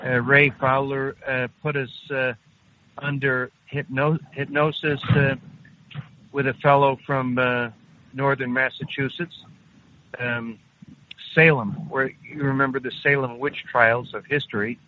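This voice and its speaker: Halting older man on a phone line. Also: medium pitch, flat delivery, slight background noise. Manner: halting, unhurried, frequent hesitations. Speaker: interview guest. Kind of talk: recounting a personal story. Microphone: phone call.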